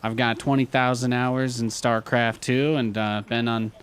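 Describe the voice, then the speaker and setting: A man's voice: medium pitch, level tone, a little slow, slight background noise. A man in his thirties streaming a strategy game, chatting casually and repeating himself, now and then getting heated. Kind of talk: casual live game commentary.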